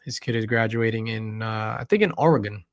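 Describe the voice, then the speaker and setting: A man's voice: on the low side, brisk. A man hosting a casual pop culture chat show, laid-back and slangy. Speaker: show host.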